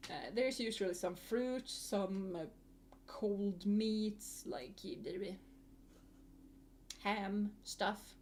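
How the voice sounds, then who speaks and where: A woman's voice: medium pitch, darkish tone. Chatty young woman. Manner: chatty, laughs often, rambling. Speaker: vtuber streamer. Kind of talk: casual chat to a live chat.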